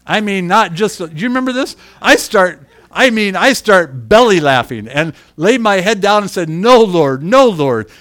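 Pastor guy preaching a story, kinda high voice, goes real quiet then real loud, laughs at himself. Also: expressive, moderate pace, few pauses. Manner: swings between hushed confessional asides and loud emphatic bursts; self-deprecating, chuckles through his story. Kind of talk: storytelling sermon.

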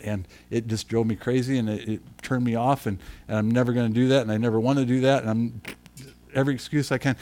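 A middle-aged pastor with a mid-range voice relates a personal story during a sermon. He goes quiet for asides, then climbs to loud, emphatic bursts, all while laughing at himself in a self-deprecating manner.

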